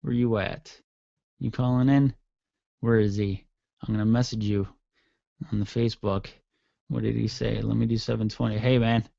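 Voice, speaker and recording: A man's voice: lowish voice, steady tone, normal speed, vocal fry, long pauses, dark tone, no room sound. Guy ranting on his radio show, swears a lot, dry kinda dull sound. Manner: rambling, profane, sarcastic. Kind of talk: casual solo talk radio rant.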